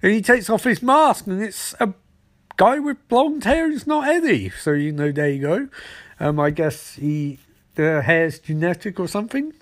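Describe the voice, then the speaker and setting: A man hosting a show, rambling through a casual, sarcastic episode recap with quick asides. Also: high-pitched, expressive.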